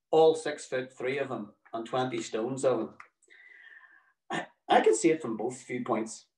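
A man's voice: medium pitch, a little mellow, reverberant, recorded from a distance, rough recording. Wry man telling a story. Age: middle-aged. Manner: dry, wry, mock-exasperated. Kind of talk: personal story read aloud to an audience.

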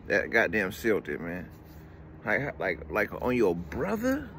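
A man's voice: fairly low pitch, huge pitch swings, measured pace, background noise. A man ranting casually as a commentary vlogger, heated and profane, tagging lines with "man". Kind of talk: casual rant.

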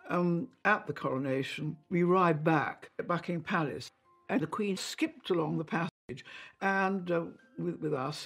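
An older English woman recalling memories in an interview, telling anecdotes and acting out voices. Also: low voice. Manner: anecdotal, acts out remembered voices. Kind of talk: reminiscing interview.

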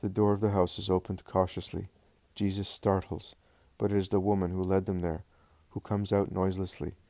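A man narrates a devotional book in a calm, measured reading. His voice is low and dark. The recording is dry and close. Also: no room sound. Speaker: audiobook narrator.

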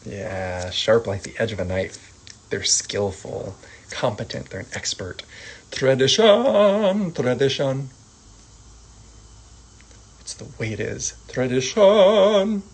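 A man teaching sign language vocabulary, calmly repeating each word and adding gentle asides. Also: fairly low pitch, measured pace, vocal fry, a little hiss or hum, poor audio. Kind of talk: slow vocabulary lesson.

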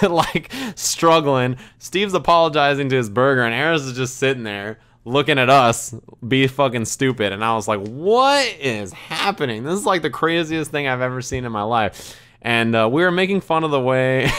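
A man in a casual stream chat, rambling through an anecdote with lots of "like" and bursts of laughter. His voice is smooth and clear, sitting at an average pitch. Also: normal speed, a bit bright. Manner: rambling, laughing, heavy use of "like". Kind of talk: casual storytelling.

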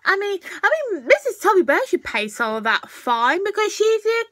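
A tipsy woman, commenting on a show she is watching, swearing freely and shouting out at the screen. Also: extremely high pitch, sing-song, normal speed, few pauses. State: tipsy from drinking. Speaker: reaction video host.

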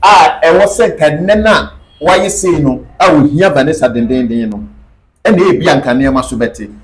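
A man's voice: a little high, moderate pace, poor audio. A man talking as an interview guest, emphatic and repeating his key points. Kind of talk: casual interview talk mixing Twi and English.

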